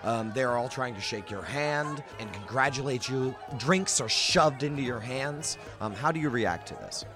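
A man's voice: medium pitch, moderate pace, few pauses, music in the background. A man narrating a tabletop game as game master in a casual manner, full of fillers.

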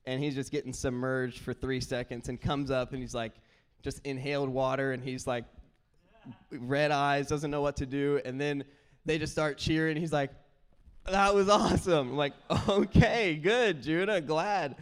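Young pastor, animated and smooth-voiced. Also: male voice, medium pitch, normal speed. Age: young adult. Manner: animated storyteller, acts out kids' voices. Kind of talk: sermon with personal stories.

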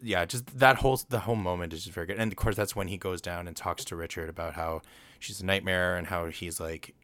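Man, casual solo film recap, bright sharp tone, loose and rambling. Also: low-pitched, steady tone, fairly quick, no room sound. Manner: rambling, swears casually, acts out quotes. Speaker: film commentator.

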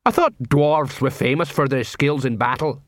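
A man's voice: medium pitch, moderate pace, no echo, clean studio sound, close to an everyday voice. A man voicing a weary, put-upon older male watch sergeant who hesitates and grumbles. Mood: grumbling.

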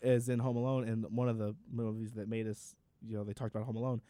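A man co-hosting a podcast, talking in a relaxed, rambling way with fillers. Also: fairly low pitch, fast, no echo. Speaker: podcast co-host. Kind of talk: casual chat.

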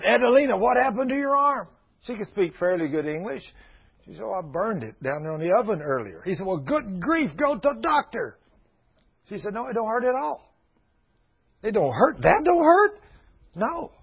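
An older man preaches in a high, husky voice. He tells his stories in a folksy way and acts out the people in them. The sound is dull and lo-fi, like an old radio broadcast. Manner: folksy storytelling with quoted voices. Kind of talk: sermon.

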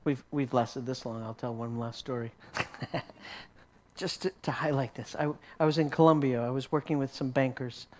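A man's voice: medium pitch, fairly even intonation, normal speed, darkish tone, slight background noise. A man teaching a sermon as a story, often repeating words as he restarts and chuckling along. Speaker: Christian teacher.

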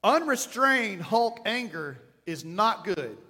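A man in his thirties preaching a sermon to a congregation, animated and playful, with sudden growled bits. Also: high voice, slow pace. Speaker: pastor. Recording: long hall reverb.

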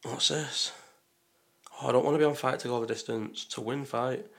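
Second-guessing his choices as he places bets, a male vlogger rambles casually and talks to himself. He has a mid-range, somewhat bright voice with fairly even intonation and a moderate pace.

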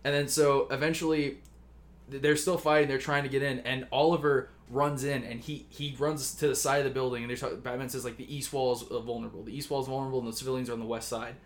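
A man casually pitching a story on a chat show, rambling and swearing, acting out the characters' lines. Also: level tone, fast. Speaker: podcast co-host pitching a story.

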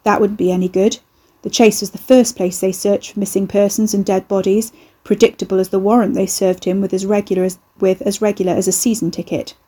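A woman reading a story aloud as a narrator, in a steady, even storytelling way. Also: mid-range voice, brisk, hardly any pauses, husky. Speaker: audiobook narrator. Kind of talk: scripted narration.

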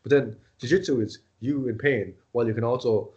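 A man's voice: medium pitch, fairly quick, warm tone, muffled recording. A man in casual podcast chat, telling stories animatedly and acting out quoted dialogue.

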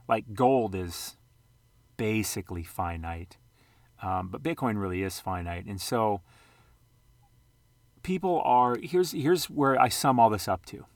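Man, low voice, dry close sound, casual vlog commentary, rambling, self-correcting, jokey. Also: no room sound. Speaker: sports card and investing vlogger. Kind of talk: casual screen-share commentary.

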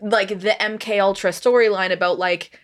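A young woman with a mid-pitched voice co-hosts a podcast. She talks in a chatty, enthusiastic way and swears now and then. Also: steady tone, moderate pace. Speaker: podcast co-host. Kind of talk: casual chat.

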